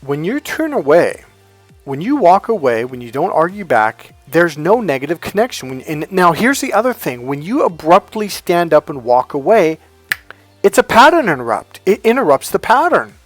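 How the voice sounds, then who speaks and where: Animated man telling a coaching story. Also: a little high, moderate pace, no room sound, soft background music. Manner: animated, acts out quoted dialogue. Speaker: life coach. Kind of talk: casual storytelling talk.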